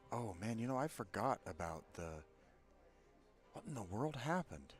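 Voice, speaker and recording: A man's voice: medium pitch, very animated, normal speed, pauses often, soft background music. A man hosting a let's play, thinking aloud and musing to himself as he plays.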